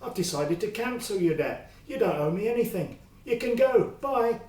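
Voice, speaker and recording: A man's voice: sits high, animated, normal speed, darkish tone, echoey room, distant mic, voice pushed up. A man doing a grand, kindly king. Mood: generous. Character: kindly, generous old king.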